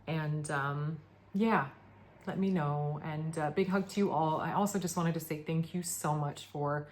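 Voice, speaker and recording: Woman vlogger, low voice, sleep-deprived, earnest and halting. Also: a little hiss or hum. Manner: emotional, halting, many fillers and restarts. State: tired from lack of sleep. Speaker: pet owner vlogger. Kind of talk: casual to-camera update.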